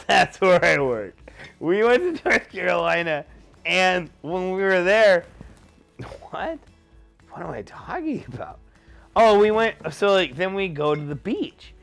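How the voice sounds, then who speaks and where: A man's voice: a little high, vocal fry, a bit bright. A drunk man in his thirties telling a rambling story, losing his thread and correcting himself as he goes.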